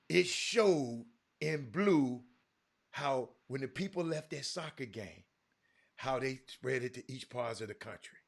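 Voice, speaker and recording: Animated high-voiced man talking sports. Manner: animated, addresses listeners as y'all. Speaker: sports talk show host. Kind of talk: casual sports talk.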